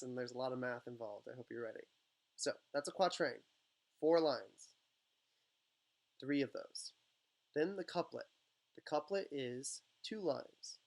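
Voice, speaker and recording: A man teaching a writing class, explaining step by step in a loose, casual way with many fillers and quick check-ins. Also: medium pitch.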